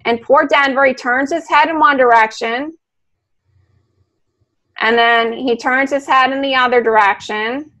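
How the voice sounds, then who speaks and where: Woman dog trainer, high and bright, lively online teacher. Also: a little slow, pauses often, low-quality recording. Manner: animated, talks through a video, asks the class questions. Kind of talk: live online lesson talking over video. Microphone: video call.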